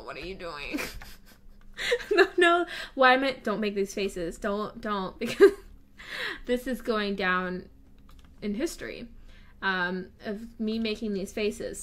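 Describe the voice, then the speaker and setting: A woman's voice: medium pitch, a bit bright, a little hiss or hum. A young woman giving casual, self-deprecating commentary while building in a game, nervous and giggly. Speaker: gaming YouTuber. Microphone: desk mic with face cam.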